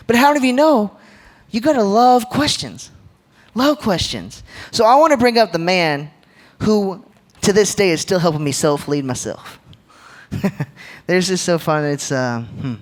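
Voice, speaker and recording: A man in his twenties giving a playful, jokey leadership talk to a church audience, laughing often. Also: fairly high pitch. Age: 20s. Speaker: church speaker. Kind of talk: sermon-style leadership talk. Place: church hall, live audience.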